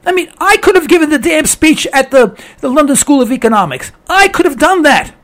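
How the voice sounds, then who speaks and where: A man hosting a call-in talk radio show, hoarse with laryngitis, ranting with exasperation and repeating himself. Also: very high voice, lively intonation, brisk, a bit bright.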